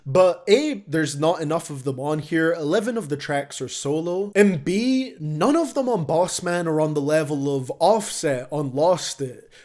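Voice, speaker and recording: A man's voice: fairly high pitch, expressive, measured pace, hardly any pauses, darkish tone. A young man delivering scripted, blunt and sarcastic music review commentary as host.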